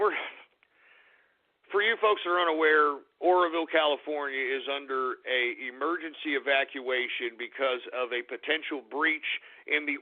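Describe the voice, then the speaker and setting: Cranky, profane male radio host, tinny line. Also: fairly high pitch. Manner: irritable, profane, mock-angry outbursts. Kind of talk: call-in radio show shout-outs.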